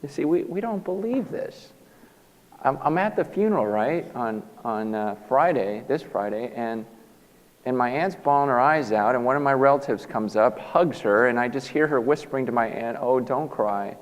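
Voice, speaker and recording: A man preaching a sermon as a pastor, emphatic and animated, often restarting his sentences. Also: mid-range voice, moderate pace. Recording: long hall reverb.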